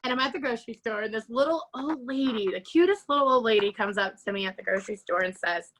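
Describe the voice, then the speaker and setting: As an interview guest, a woman shares her personal testimony in a slightly high, somewhat bright voice. She speaks quickly with lively intonation, animatedly imitating the people she quotes and laughing often, though the recording is rough.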